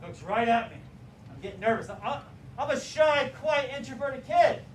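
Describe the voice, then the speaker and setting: A man telling a story to a live audience, acting out the people in it with shouts and quick voices. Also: very high-pitched, slight background noise. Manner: animated, acts out voices and shouts. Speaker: teacher trainer telling a story. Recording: echoey room, mic from far off.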